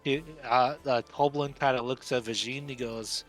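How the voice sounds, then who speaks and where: A man's voice: medium pitch, steady tone, normal speed, hardly any pauses, faint music behind. A man running a tabletop game as game master, narrating loosely with many fillers.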